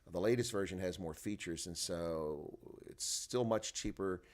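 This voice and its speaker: A man with a low voice speaks unhurriedly as he hosts an early-morning rugby stream from home. Sounding groggy and tired, he rambles to chat viewers through a desk mic with the volume turned up.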